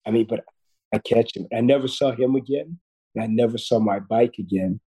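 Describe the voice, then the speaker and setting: This podcast guest is a surgeon in his fifties with an earnest manner and a dark, mellow, husky voice at middle pitch. He talks briskly through a personal story, often starting over and repeating himself, on poor-quality audio.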